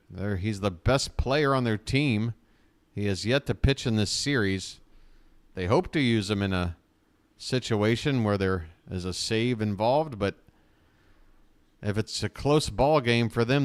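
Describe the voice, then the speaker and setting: A man calling a baseball game live for his own stream, in a mid-range voice. He moves between steady play-by-play and animated, joking rants. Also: mid-range voice. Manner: animated, ranting, joking asides. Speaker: fan streamer doing play-by-play. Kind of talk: live fan play-by-play commentary.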